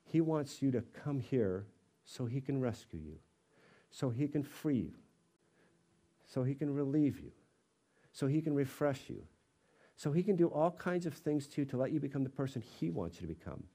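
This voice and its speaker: Middle-aged male pastor, sermon delivery, warm mellow timbre, mid-range pitch, acts out quoted voices. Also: animated, normal speed, long pauses. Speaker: pastor of a college fellowship.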